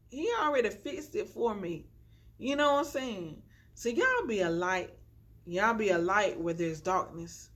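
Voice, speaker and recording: A young adult woman speaks in a medium-pitched voice that sounds pushed and bright. She vlogs from the floor at home to a phone on a tripod with a ring light, giving casual, chatty, preachy encouragement to viewers and constantly saying "y'all."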